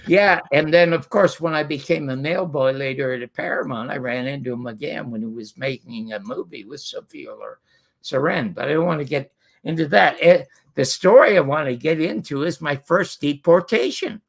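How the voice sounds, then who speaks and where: Older male guest from Canada, gravelly, rambling raconteur. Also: fairly high pitch, normal speed. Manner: rambling, many fillers and restarts. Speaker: guest storyteller. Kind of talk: casual anecdotal storytelling.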